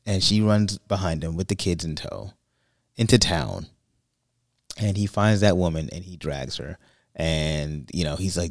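Male podcast co-host, deep and dry, chatty rambling storyteller. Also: measured pace, gravelly, dry recording. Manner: rambling, restarts and fillers, animated when quoting. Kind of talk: casual chat, storytelling.

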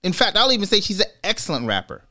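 A man's voice: high voice, huge pitch swings, quick pace, bright, forceful tone. Man hosting a casual podcast. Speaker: podcast host. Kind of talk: casual chat, opinion commentary.

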